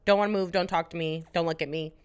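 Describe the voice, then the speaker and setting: A young woman co-hosting a podcast in casual chat, animated and swearing freely as she acts out her own reactions. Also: on the low side, fast, clear, resonant tone. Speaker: podcast co-host.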